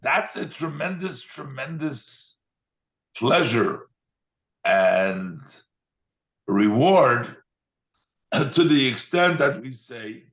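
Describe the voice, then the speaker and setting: A man, a rabbi, giving a text study lesson, reading Hebrew phrases aloud and then explaining them in English with frequent pauses and fillers. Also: mid-range voice, very animated, fairly bright tone, highs cut off. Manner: reads Hebrew lines then translates, with fillers.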